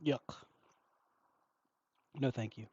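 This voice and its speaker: A man's voice: drawn-out words, dark tone, no echo. A man co-hosting a wrestling news podcast in casual chat, wry and joking, often mock-offended. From Virginia. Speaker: podcast co-host. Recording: dull lo-fi dry audio.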